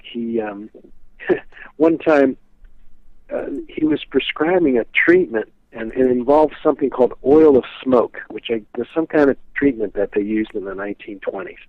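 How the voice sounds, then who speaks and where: A man's voice: mid-range voice, normal speed, no echo. A man telling stories as a guest in a casual interview, rambling and dotting his talk with fillers. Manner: rambling, many "you know" fillers. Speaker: guest speaker on a psychic's teachings. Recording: tinny phone line.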